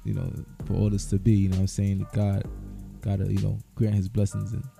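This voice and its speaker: A man with a gravelly voice co-hosting a casual podcast, laid-back and deadpan. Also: lowish voice, fairly quick, soft background music. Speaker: podcast co-host.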